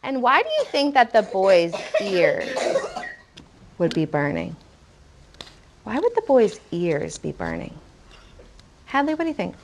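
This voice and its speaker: A woman leads a first-grade classroom lesson in a lively, up-and-down voice, drawing out her words. She reads passages slowly with a steady rhythm and praises the children warmly. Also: medium pitch, noisy background. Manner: animated, encouraging, reads lines slowly and rhythmically.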